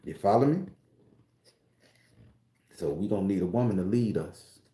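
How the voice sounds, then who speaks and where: A man's voice: deep voice, expressive, moderate pace, mellow. A man ranting casually to his viewers as a spiritual vlogger, profane, rambling and preachy. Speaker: spiritual tarot reader vlogger. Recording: roomy echo.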